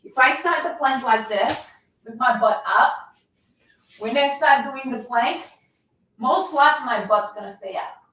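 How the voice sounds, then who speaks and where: Fairly high and a bit bright, this woman's voice moves a little slowly. As a coach leading a live workout, she holds a plank until she's shaking, cheerfully coaxing her viewers the whole time. Her voice sounds far from the mic amid strong room echo.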